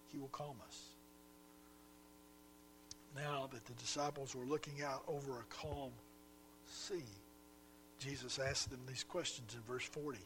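A man preaching a sermon as pastor, swinging between loud emphatic pushes and quiet drops, with a faint mains hum behind. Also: fairly high pitch, low-quality recording.

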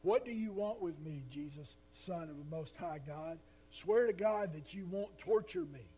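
A man voicing a demon-possessed man who shouts and pleads in fear. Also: high-pitched, normal speed, breathy edge. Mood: fearful pleading. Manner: loud pleading cry.

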